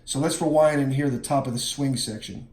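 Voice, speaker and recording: A man explaining how to chart a drum part, counting beats out loud and scatting the fills. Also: medium pitch, steady tone, brisk, very noisy. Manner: counts beats aloud and scats drum parts. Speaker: drum teacher. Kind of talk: instructional walkthrough. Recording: roomy, with music playing.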